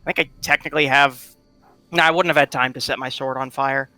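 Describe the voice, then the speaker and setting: A man's voice: medium pitch, steady tone, sharp tone, no echo, soft background music. A man playing a tabletop game, talking through his rolls in a playful, casual way. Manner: playful, quick rules talk. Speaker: player.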